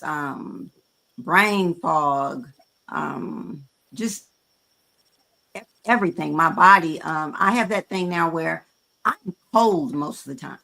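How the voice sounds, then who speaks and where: A frank woman in her fifties, co-hosting a podcast in a bright, forceful voice. She speaks conversationally and pauses on fillers as she gathers her thoughts. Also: on the low side, vocal fry. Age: 50s. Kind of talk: candid podcast chat.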